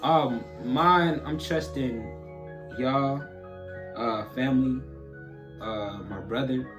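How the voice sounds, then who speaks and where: A young man co-hosting a casual talk show, loose and joking and quick to laugh. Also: mid-range voice, over music. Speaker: podcast co-host. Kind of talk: casual chat.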